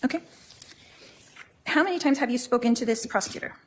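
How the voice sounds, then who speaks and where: A woman cross-examining a witness in court with brisk, pointed questions. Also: a little high, slight background noise.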